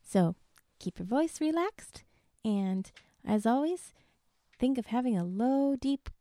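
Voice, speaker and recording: A woman voice teacher explaining a singing exercise in a calm, slow, instructive way. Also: a little high, no room sound, clean studio sound. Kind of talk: vocal exercise lesson.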